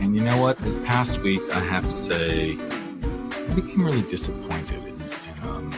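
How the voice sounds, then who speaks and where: A man's voice: sits low, expressive, normal speed, over loud music. A man hosting a podcast, delivering an impassioned solo rant full of emphatic rhetorical questions. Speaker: podcast host.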